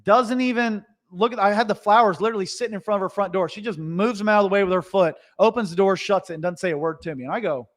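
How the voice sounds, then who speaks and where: High-voiced man telling stories. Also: quick pace, hardly any pauses. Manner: animated, chatty, with restarts and asides. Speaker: Christmas light installation business owner. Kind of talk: casual storytelling to viewers.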